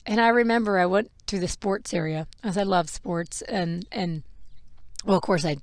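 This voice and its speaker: A woman's voice: lowish voice, moderate pace, no echo. A mother hosting a podcast, telling a personal story in a frank, emotional way with laughs and the odd swear. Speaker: podcast host.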